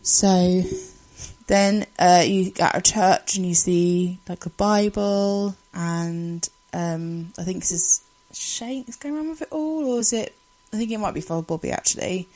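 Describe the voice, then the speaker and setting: A woman's voice: fairly low pitch, unhurried, warm tone. A woman casually talking through a film, reacting with exclamations and groans. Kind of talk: casual film recap chat.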